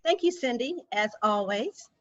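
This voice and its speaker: A woman hosting a virtual town hall introduces her guest in a formal, measured tone. Her voice sits a little high. The video-call audio is dry and somewhat muffled. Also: animated, fairly bright tone. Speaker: host.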